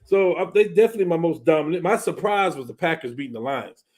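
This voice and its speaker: High-voiced man ranting about football. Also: fast talker, a little mellow. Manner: fired-up, exasperated rants. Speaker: sports talk panelist. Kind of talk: casual sports chat.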